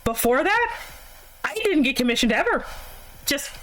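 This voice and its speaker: A woman's voice: high-pitched, big pitch swings, moderate pace, a bit bright, slight background noise, low-quality recording. A woman streamer chatting casually on a call, rambling with plenty of fillers and frequent laughter. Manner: giggly, rambling, lots of fillers. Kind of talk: casual chat on a livestream. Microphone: voice chat call.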